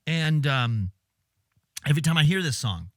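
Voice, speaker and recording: A man streaming casual commentary on film clips, animated and exasperated, swearing and laughing as he talks. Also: on the high side, normal speed, very noisy.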